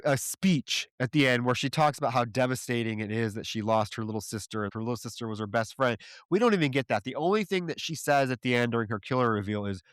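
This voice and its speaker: An exasperated man co-hosting a film podcast, walking through a plot with profane asides. His voice sits at an ordinary pitch. The recording is dry and close. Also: clear, resonant tone, dry recording. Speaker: podcast co-host. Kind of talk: casual film review chat.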